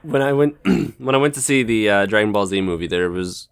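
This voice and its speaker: A man telling stories on a podcast in a relaxed, halting way, with many fillers. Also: fairly low pitch, smooth, dry recording, studio quality. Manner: laid-back, hesitant, many fillers. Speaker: podcast guest. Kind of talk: casual storytelling.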